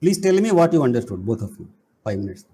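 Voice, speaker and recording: A middle-aged man, giving an animated spiritual talk full of playful, emphatic rhetorical questions. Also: mid-range voice, fast. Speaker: spiritual teacher and college head.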